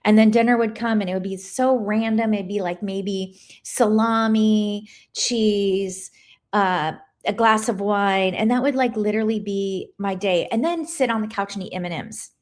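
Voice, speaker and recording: A woman's voice: medium pitch, darkish tone. Chatty middle-aged woman livestreaming. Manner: chatty, rambling, pauses to greet and answer viewers. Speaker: livestream host. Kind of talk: casual livestream chat.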